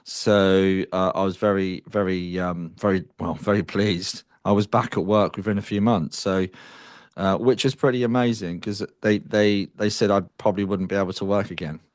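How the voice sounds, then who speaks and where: A middle-aged man from the UK, a guest telling his story in an interview, reflective and halting, with sighs and restarts. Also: sits low, steady tone, no echo, clean studio sound. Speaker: guest psychic medium.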